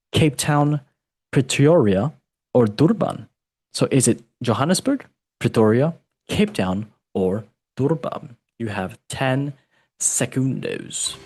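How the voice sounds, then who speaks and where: A man's voice: mid-range voice, a little mellow, breathy edge, no room sound. A man hosting a football quiz, playful and teasing, calling his guest mate. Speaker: podcast host and quizmaster. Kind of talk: casual podcast chat.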